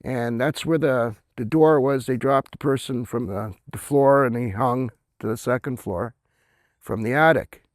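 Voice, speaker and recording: A middle-aged man from Canada, an author at a convention, shares a story at a measured pace in a medium-pitched voice, with no room sound. He keeps tossing in "right?" and chuckles at his own casual tale.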